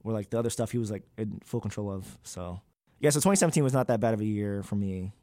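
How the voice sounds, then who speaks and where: A man's voice: lowish voice, fast talker, warm tone, no room sound, clean studio sound. A young man, a graduate student, talking candidly in an interview, with many fillers and loose, rambling sentences. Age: young adult.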